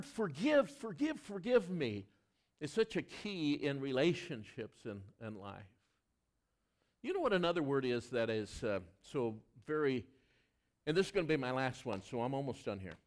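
A man preaching a sermon, asking the congregation questions and dropping from loud emphatic lines to hushed asides. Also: mid-range voice. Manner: asks the congregation questions directly. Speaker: pastor.

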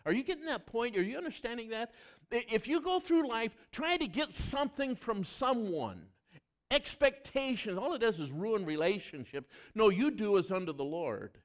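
Middle-aged male pastor, higher voice with a very lively pitch range, sermon delivery that moves between loud emphasis and hushed asides, questions the congregation directly. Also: normal speed.

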